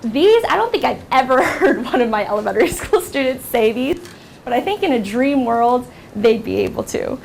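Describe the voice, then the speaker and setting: A woman's voice: fairly high pitch, sing-song, normal speed, gravelly, slight background noise. A young American woman teaching a workshop class in a casual lecture style, full of ums and likes. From United States. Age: young adult. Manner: casual, filler-heavy delivery with many ums and likes. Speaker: workshop instructor. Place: university classroom.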